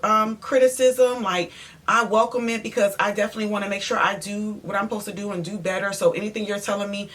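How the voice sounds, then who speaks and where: A woman voicing a flustered, apologetic male house painter who talks in a rambling, hurried way. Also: sits high, steady tone, pushed and bright, far from the mic.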